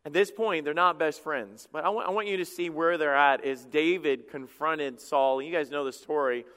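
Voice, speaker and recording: Male pastor, high pitched, animated sermon delivery with stumbling restarts, big echoing sanctuary. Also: normal speed, clear, resonant tone. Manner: animated preaching with acted quotes and repeated stammered restarts.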